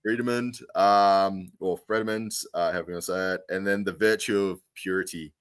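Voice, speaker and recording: A man with a very low voice talks in a loose, rambling way, full of "um"s and restarts. The sound is close and dry, with no room around it. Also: flat delivery, a little fast, clean tone, dry recording. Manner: rambling, lots of fillers and restarts. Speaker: podcast co-host. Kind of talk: casual chat.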